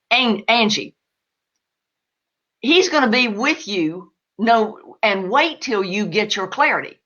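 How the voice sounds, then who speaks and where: A woman answering live questions as an animal spirit medium, emphatic and animated. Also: fairly low pitch, muffled recording.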